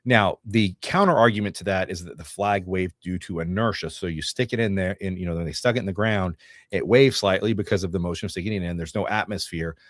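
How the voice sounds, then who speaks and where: Speaking fast with a voice that sits low, a middle-aged man from Northeast Georgia co-hosts a casual livestream, rambling, joking, and reading notes and viewer comments. The recording is studio quality with no room sound.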